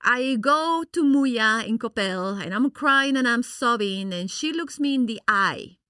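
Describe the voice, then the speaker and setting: A middle-aged woman from Guatemala, a podcast guest, telling her story in an animated, expressive way and acting out her past reactions. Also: fairly high pitch, unhurried, smooth, no room sound, clean studio sound. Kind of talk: personal storytelling in an interview.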